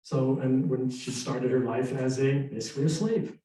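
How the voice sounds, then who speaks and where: A middle-aged man telling history live to an audience, animated and conversational, acting out voices. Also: medium pitch, normal speed. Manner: animated, conversational, acts out dialogue. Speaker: historical storyteller. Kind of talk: live storytelling presentation. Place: arts center hall. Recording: echoey hall, distant mic.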